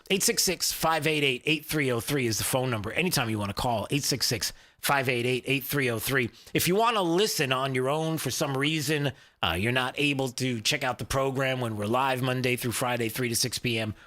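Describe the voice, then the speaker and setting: A man's voice: mid-range voice, fairly bright tone. A man hosting a talk radio show, rambling conversationally with plenty of fillers and restarts.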